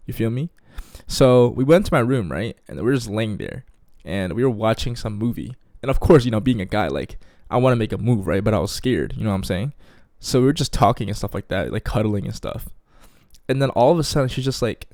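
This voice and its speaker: A man's voice: mid-range voice, fast, a little mellow, no room sound. Young man, casual storytime, slangy, "you feel me?", dry close sound.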